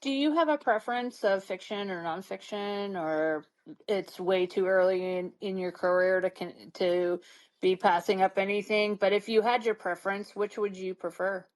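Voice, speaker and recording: A woman hosts a podcast and chats with her guest in a loose, encouraging way. She wanders through her sentences with plenty of filler words. Her pitch sits in a middle range. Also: moderate pace, darkish tone, low-quality recording. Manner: rambling, encouraging, many fillers. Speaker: podcast host. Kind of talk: casual interview conversation.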